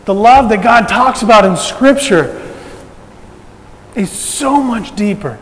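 Male pastor, high voice, conversational sermon with humor, reverberant sanctuary. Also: animated, slow pace, slight background noise. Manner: conversational preaching with light humor.

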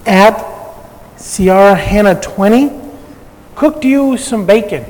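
Preaching a sermon to his congregation, a pastor speaks slowly in a high, light, slightly mellow voice with lively intonation. His delivery is relaxed and conversational, sprinkled with humor, and it echoes through a reverberant church hall.

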